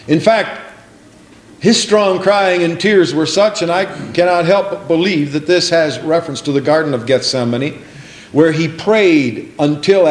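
A man preaching a sermon, repeating lines for emphasis and calling for responses from the congregation. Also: on the high side. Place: church sanctuary. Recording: echoey room.

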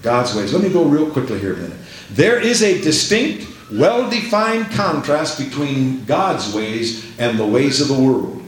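A man's voice: medium pitch, big pitch swings, measured pace. A man preaching a fervent sermon, repeating phrases and calling out amen and praise the Lord. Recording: very echoey hall with faint hiss.

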